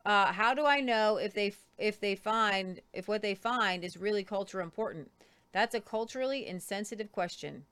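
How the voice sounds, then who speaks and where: A woman co-host with a middle-pitched voice reads news stories aloud and adds her own comments. She stumbles and restarts often, filling gaps with ums. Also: moderate pace, a bit bright, clean tone.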